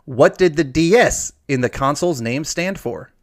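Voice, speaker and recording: Animated man hosting a quiz. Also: fairly high pitch. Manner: lively, drawn-out emphasis on answers. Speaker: quiz host. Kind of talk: reading trivia questions.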